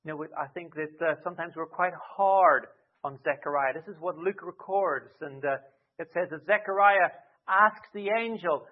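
A man preaching a sermon expressively, with dramatic rises and soft drops. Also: on the high side, normal speed. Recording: tinny phone-like sound.

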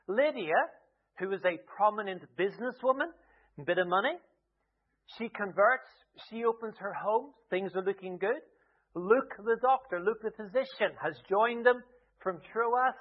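A man preaching a sermon, retelling a story in a lively way with humorous asides. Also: sits high. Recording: tinny phone-like lo-fi sound.

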